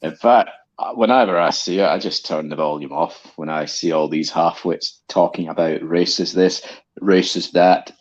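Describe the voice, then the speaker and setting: A man's voice: low-pitched, normal speed, lo-fi sound. A Scottish man chatting casually, blunt and scornful as he tells a story. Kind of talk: casual chat.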